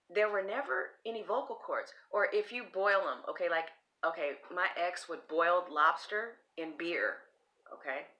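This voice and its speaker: A woman's voice: fairly low pitch, pushed and bright. A woman reading tarot cards in a casual vlog, rambling, blunt and swearing freely. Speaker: tarot reader.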